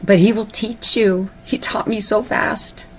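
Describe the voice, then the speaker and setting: A woman's voice: mid-range voice, fairly even intonation, measured pace, slight background noise. A woman preaching urgently to her viewers, repeating herself and turning tearful and emotional. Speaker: online video preacher. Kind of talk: emotional personal address to viewers.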